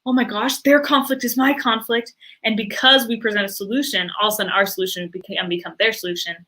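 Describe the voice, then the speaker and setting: A woman guest in an interview, talking with lots of fillers and acting out other people's reactions in quick quoted voices. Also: medium pitch. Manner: animated, many fillers, acts out quoted reactions. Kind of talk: enthusiastic interview talk.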